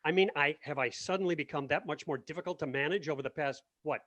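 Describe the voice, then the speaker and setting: A man's voice: on the high side, fast talker, a bit bright. A man reading the part of a sarcastic, combative theater artistic director in a video-call play reading. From Washington, D.C. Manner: sarcastic, needling.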